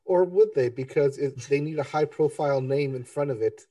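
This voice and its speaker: A man co-hosting a TV review podcast, talking in a relaxed, offhand way. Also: fairly high pitch, a little fast, dry recording, far from the mic. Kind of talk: casual chat.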